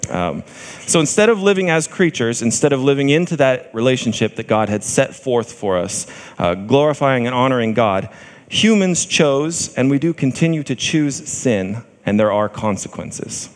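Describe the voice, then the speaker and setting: A man's voice: mid-range voice, expressive, normal speed. A man preaching a sermon as a pastor, conversational and joking, with frequent ums. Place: church sanctuary. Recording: long hall reverb.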